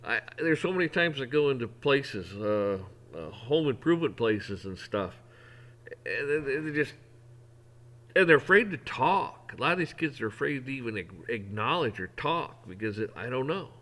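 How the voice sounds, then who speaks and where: A man's voice: mid-range voice, lively intonation, normal speed, fairly bright tone. A middle-aged man talking in a casual, folksy way, rambling through an opinion monologue with frequent restarts. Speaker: vlogger.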